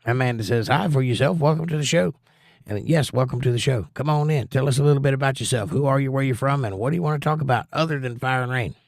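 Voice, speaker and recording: A man's voice: medium pitch, quick pace, creaky, no echo. Folksy middle-aged man, dry close sound. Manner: easygoing, folksy, reads chat aloud. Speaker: livestream host. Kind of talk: casual chat reading viewer comments.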